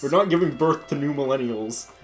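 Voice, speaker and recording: A man's voice: medium pitch, fairly quick, soft background music. A young man chatting casually and profanely over a video game, rambling and laughing often. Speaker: gaming podcast co-host. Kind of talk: casual gameplay chat.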